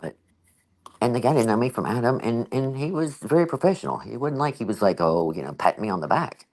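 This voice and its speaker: A woman's voice: extremely low pitch, lively intonation, a little fast, a little mellow, rough recording. A woman hosting a casual livestream chat, telling a story with animation and acting out the conversations she quotes. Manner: frequent "you know" fillers. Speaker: channel host.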